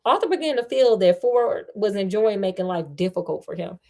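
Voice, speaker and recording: A woman's voice: medium pitch, brisk, hardly any pauses. A woman reading a novel aloud, breaking off now and then for slangy asides to her listeners. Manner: breaks off to talk back to the story with slangy commentary; lively, expressive delivery, stumbles and restarts. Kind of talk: casual read-aloud with chatty asides.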